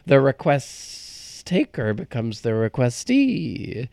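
A man's voice: mid-range voice, huge pitch swings, slow pace, gravelly, a little mellow. A man co-hosting a podcast, joking playfully while sick with a cold. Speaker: podcast co-host. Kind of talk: casual podcast chat.

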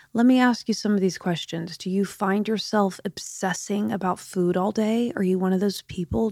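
A middle-aged woman talks straight to her listeners with a slight lisp, her jaw still stiff from surgery. Her voice sits at an ordinary pitch, and she chats in a confiding way, sometimes dropping to a whisper. The recording is close and dry. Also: warm tone, no echo. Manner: chatty, confiding, drops to whispers. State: recovering from jaw surgery, limited mouth movement. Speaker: podcast host. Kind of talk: casual chat.

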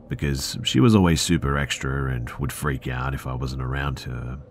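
Very deep-voiced man narrating horror stories. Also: slight background noise. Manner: measured, earnest storytelling. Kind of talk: scripted narration of listener stories.

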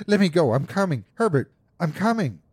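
A man voicing a grief-stricken old woman and desperate mother who cries out in a shrill, pleading voice. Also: big pitch swings, moderate pace, a little mellow, slightly rough, no echo, full character voice. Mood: frantic.

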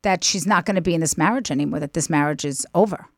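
A woman guest on a talk podcast, chatting casually and telling stories with emphatic, animated delivery. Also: sits low, quick pace, no room sound, studio quality. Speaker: guest, reality TV personality. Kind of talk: casual chat.

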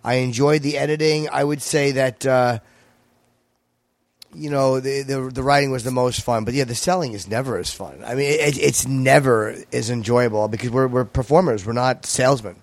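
A man's voice: mid-range voice, steady tone, no room sound. A man, a comedian guest, talking casually on a podcast, telling stories bluntly and swearing freely. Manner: blunt, profane, quick storytelling.

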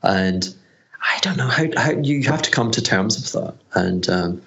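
Middle-aged Scottish male guest, very low voice, rambling and self-mocking. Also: expressive, normal speed, a bit bright, muffled recording. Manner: rambling, self-deprecating, with frequent restarts and laughs. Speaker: hedge fund manager, guest. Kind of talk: conversational interview answers.

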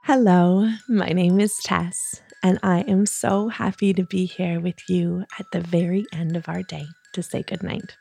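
A woman hosting a children's podcast, talking gently and soothingly at bedtime, coaxing listeners along with playful pretend yawns. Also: lowish voice, creaky, breathy edge. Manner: soft, soothing and encouraging, with playful drawn-out yawns. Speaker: kids podcast host.

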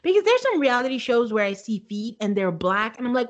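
A woman's voice: on the high side, big pitch swings, a little fast, hardly any pauses, muffled recording. A woman co-hosting a podcast in casual chat, recapping a show, laughing often and quoting people as she tells it. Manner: chatty, laughs often, quotes people in her retelling.

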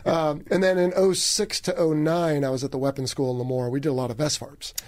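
A man hosting a podcast, asking questions in a relaxed, conversational way. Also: fairly high pitch, a little fast. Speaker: podcast host. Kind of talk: casual interview chat.

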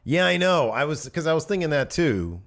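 Speaking a little fast in a voice on the high side, a podcast co-host runs through a wrestling recap in a casual conversation. His manner is animated, punctuated by laughter and sentences that trail off.

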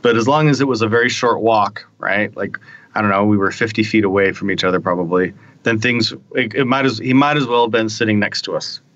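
A man with a fairly low voice rambles through work stories on a podcast, often asking for a quick nod of agreement. His mic sounds dull and lo-fi. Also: steady tone, fairly bright tone. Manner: chatty, rambling, checks in with "right?". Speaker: podcast panelist. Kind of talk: casual technical discussion.

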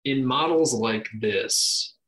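A man's voice: mid-range voice, slow pace, fairly bright tone, rough recording. A man hosting a podcast interview, asking short, business-minded questions and adding brief affirmations. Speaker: podcast host.

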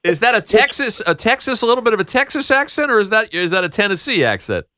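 A man's voice: high-pitched, big pitch swings, fast, bright, forceful tone, no room sound, studio quality. A man co-hosting a podcast interview, asking playful questions and laughing easily. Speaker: podcast co-host. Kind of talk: casual interview chat.

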